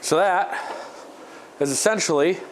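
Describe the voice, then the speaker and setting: A man's voice: high-pitched, a little slow, a little hiss or hum. A man vlogging a workshop build in a casual, rambling way, often stumbling and restarting his sentences. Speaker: maker vlogger.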